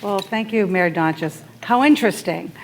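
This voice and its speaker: A woman's voice: medium pitch, normal speed, noisy background. A woman emceeing a breakfast event, telling a chatty anecdote with laughter. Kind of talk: casual storytelling at an event.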